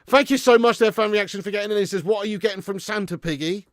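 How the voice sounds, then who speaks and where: A man's voice: high-pitched, quick pace, no room sound, studio quality. A man hosting a live football watch-along, joking and laughing as he thanks viewers for super chats.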